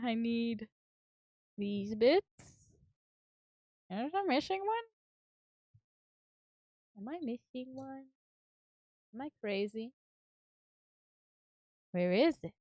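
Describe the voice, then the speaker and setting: A woman's voice: on the high side, animated, drawn-out words, long pauses, no echo, dull audio. A woman streamer chatting casually and giggling while she builds, swearing now and then and filling her talk with fillers.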